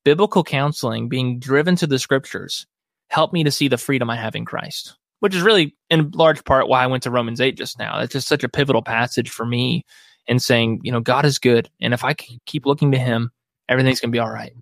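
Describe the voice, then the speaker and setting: A man speaks as a guest on a podcast about biblical counseling. He comes across as earnest and reflective, talking in a warm conversational way. His voice sits in an ordinary middle range, and the recording is dry and close. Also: mid-range voice, a little fast, vocal fry, dry recording. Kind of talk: podcast interview.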